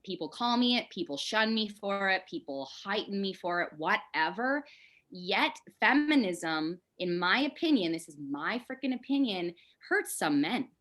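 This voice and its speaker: A woman's voice: medium pitch, sing-song, moderate pace, a bit bright. A woman as a podcast guest, talking candidly and with animation in casual conversation, swearing now and then.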